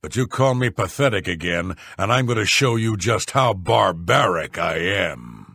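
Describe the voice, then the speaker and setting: An actor voicing a series of rough male warriors, guards and sailors in video game dialogue, blunt and scornful. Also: sits low, lively intonation, moderate pace, sharp tone, no room sound, studio quality, exaggerated voice. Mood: contemptuous.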